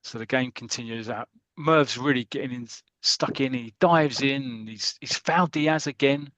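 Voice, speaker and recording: Speaking at a moderate pace in a mid-range, fairly bright voice, a British man co-hosts a podcast on a dry recording. He casually retells a comic football story, acting out the characters and calling the action like live commentary.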